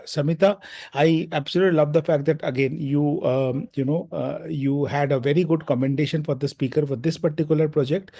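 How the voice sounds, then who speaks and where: A man's voice: a little high, vocal fry, dark tone. Joking man chairing an online meeting. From India. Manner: joking, conversational, many fillers. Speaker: general evaluator.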